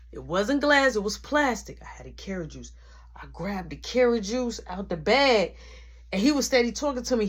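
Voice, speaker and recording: Slangy woman telling a workplace story. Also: on the high side. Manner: animated, slangy, breaks into quoted voices. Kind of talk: casual storytime vlog.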